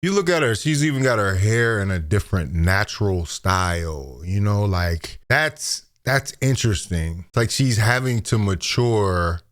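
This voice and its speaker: A man's voice: on the low side, expressive, measured pace, few pauses, a bit bright. A man hosting a celebrity news commentary, talking in a conversational, reflective way straight to his viewers. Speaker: commentary host.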